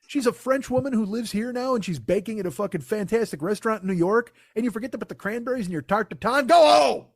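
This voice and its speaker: A man's voice: high voice, fast talker, no echo, clean studio sound. A man in his forties, a comedian hosting his own podcast, telling stories in a profane, exasperated rant. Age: 40s.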